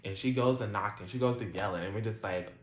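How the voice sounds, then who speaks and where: A man's voice: fairly low pitch, fast talker. A man giving a casual recap of a TV episode in a chatty, slangy way, full of "like". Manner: chatty retelling, heavy use of "like" and slang. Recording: roomy echo.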